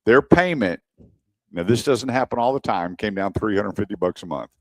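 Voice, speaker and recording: Low-voiced man telling a story. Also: moderate pace, no room sound. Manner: animated storyteller acting out dialogue. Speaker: radio show host, former car salesman. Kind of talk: casual storytelling chat.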